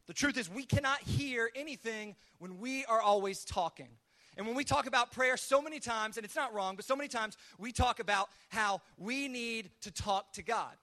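A man with a high, bright voice preaches a casual, conversational sermon. He tells the story in an easy, chatty way and drops into lively acted asides. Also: normal speed. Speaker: pastor.

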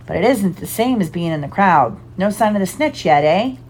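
A woman reading the lines of a huge, kindly, gruff gamekeeper with a rough dialect. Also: lowish voice, lively intonation, normal speed, a little mellow, slight background noise, close to an everyday voice. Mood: chatty. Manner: rough dialect, dropped words.

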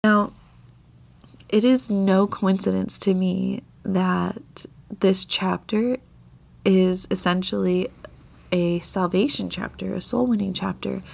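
On her devotional podcast, a female host talks about the Bible slowly and steadily, her medium-pitched voice showing vocal fry. She's getting over a mild illness, which leaves her sounding slightly scratchy. Her delivery is earnest and confessional, broken up by soft laughter.

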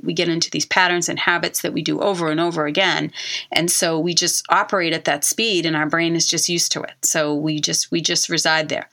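A woman's voice: lowish voice, fairly bright tone. A middle-aged woman hosting a self-help podcast, coaching listeners earnestly and repeating key phrases for emphasis. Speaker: podcast host and author.

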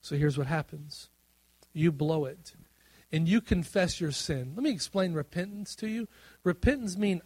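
Male preacher, fairly high voice, dynamic sermon delivery with drawn-out emphatic lines. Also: dry recording. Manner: animated preaching, swings between loud emphasis and quiet asides. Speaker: pastor.

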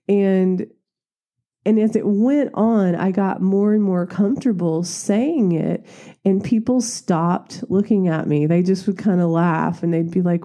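A woman, a coach telling a story in a chatty, animated way, jumping into high squeals when she acts herself out. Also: measured pace. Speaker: coach and mentor. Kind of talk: casual motivational talk.

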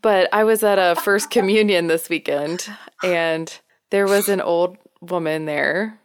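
A woman's voice: fairly low pitch, measured pace, a little hiss or hum. A woman in her thirties from New York, a midwife co-hosting a podcast, telling candid stories in casual chat and laughing often. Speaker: co-host, midwife.

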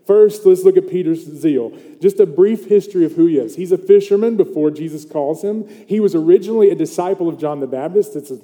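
A male pastor preaches a conversational sermon, telling the story with animation and checking in with the congregation through "okay?" and "right?". His voice sits high and mellow, the pace is brisk with few pauses, and a long hall reverb fills the recording.

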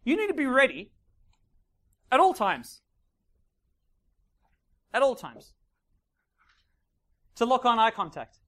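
This dating coach has a very high voice but a slow pace with long pauses as he addresses a live seminar audience. Animated throughout, he acts out scenes and repeatedly checks in with "right?" and "okay?"

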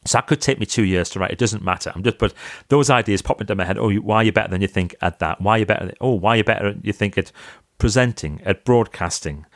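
Lively man, dry close sound. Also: on the low side, quick pace, no room sound. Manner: lively, self-mocking storyteller. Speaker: podcast guest, author. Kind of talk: casual chat over video call. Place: home office library. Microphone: video call.

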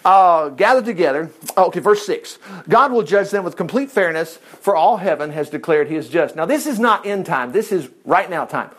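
A man's voice: sits high, moderate pace. A man leading an informal Bible study, folksy and chuckling as he talks. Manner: folksy, animated, chuckles often. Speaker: Bible teacher.

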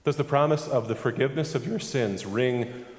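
A man's voice: medium pitch, normal speed, reverberant, in a large hall. A man preaching a sermon as pastor, emphatic and full of rhetorical questions.

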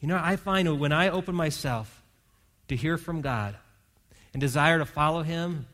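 Pastor preaching a lively sermon. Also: male voice, a little high, moderate pace. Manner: storytelling with voiced quotes, rising to loud emphasis.

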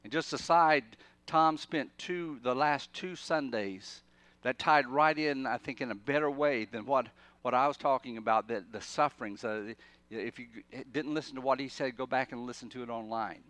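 A man preaching a sermon in a church, emphatic, repeating and restarting phrases, swinging between urgent loudness and quiet. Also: medium pitch, normal speed, no echo.

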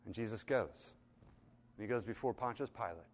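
A man preaching a sermon, telling the story and acting out the voices in it, going from hushed and low to loud and fervent. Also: moderate pace. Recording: long hall reverb.

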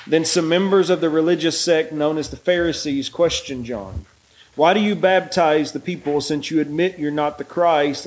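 A man leading a bible study, praying and reading scripture aloud in a relaxed, halting way with many fillers. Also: on the high side, a little hiss or hum, rough recording. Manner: reads scripture aloud in a raised voice.

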